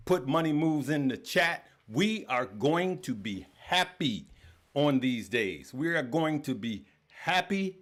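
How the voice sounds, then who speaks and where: Man, mid-pitched voice, live market commentary, energetic, repeats himself, talks straight to viewers. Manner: energetic, repetitive, addresses viewers as "good people". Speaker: stock market livestream host. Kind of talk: casual livestream market commentary.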